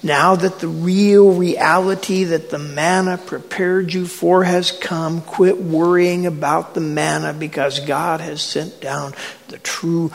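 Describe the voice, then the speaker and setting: A man's voice: on the high side, little pitch movement, takes it slowly, gravelly. A man voicing Jesus as an earnest teacher, urgently pleading with his listeners. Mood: explaining. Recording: long hall reverb.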